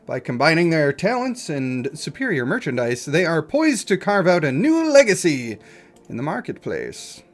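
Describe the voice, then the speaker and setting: A game streamer commentating live, reading game text and going off on animated, rambling comic rants. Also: medium pitch, moderate pace, faint music behind.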